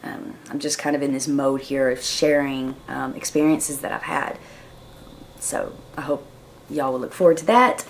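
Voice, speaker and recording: A woman's voice: a bass voice, steady tone, normal speed, creaky, a little hiss or hum. A woman telling a personal story to camera in a chatty, hesitant way, with many fillers and restarts. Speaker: vlogger.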